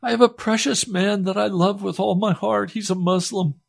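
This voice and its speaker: A man's voice: sits high, fairly even intonation, moderate pace, creaky. A preacher delivers an impassioned sermon. He pleads with his listeners and sounds close to tears. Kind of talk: emotional sermon.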